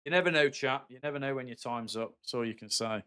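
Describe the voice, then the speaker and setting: Black country bloke live streaming a shooter, chatty, keeps calling people mate. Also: male voice, medium pitch, quick pace, bright, forceful tone, clear, resonant tone. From West Midlands, England. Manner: chatty, friendly, calls viewers mate. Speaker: game streamer. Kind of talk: casual live-stream chat while gaming.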